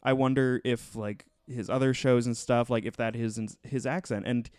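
Male podcast host, mid-pitched, smooth clean voice, dry close sound, rambling with fillers. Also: fairly even intonation, normal speed, darkish tone, dry recording. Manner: rambling, many fillers and restarts. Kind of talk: casual podcast chat reviewing a TV show.

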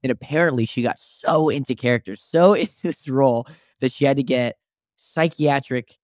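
A man's voice: normal speed, darkish tone, no echo, clean studio sound. A young man co-hosting a podcast in a casual chat, laughing often and acting out quotes. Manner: laughs often, acts out quotes with big swings in pitch. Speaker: podcast co-host, actor.

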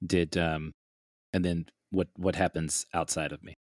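A man's voice: low-pitched, little pitch movement, measured pace, no echo, studio quality. A man playing a tabletop game, speaking hesitantly and repeating his words. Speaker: player. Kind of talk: casual tabletop play.

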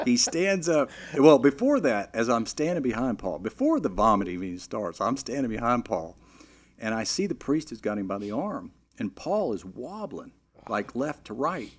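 A middle-aged man with a mid-range voice spins a long story in a relaxed, conversational way. He talks animatedly, trips over his words at times and leans on "you know" as he goes. His delivery is informal and expressive. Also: medium pitch, normal speed. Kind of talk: casual anecdote telling.

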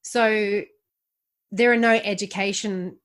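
A woman's voice: medium pitch, steady tone, slow, a bit bright. An Australian woman who is a podcast guest, talking earnestly about relationships and triggers in a casual interview. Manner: earnest, advice-giving, laughs easily.

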